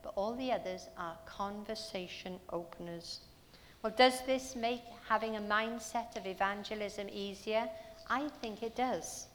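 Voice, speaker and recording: A woman's voice: medium pitch, unhurried, a little hiss or hum. Woman preaching in a reverberant hall. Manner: storytelling, earnest, rhetorical questions. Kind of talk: sermon.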